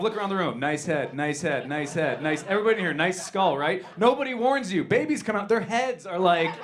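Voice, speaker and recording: A man in his thirties doing a stand-up comedy set on a club stage, talking in an animated way and jumping into loud voices for characters. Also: a little high, noisy background.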